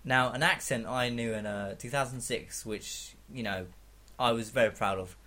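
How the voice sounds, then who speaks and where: A man co-hosting a podcast, rambling through casual banter with dry, deadpan asides. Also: medium pitch, moderate pace. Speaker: podcast co-host.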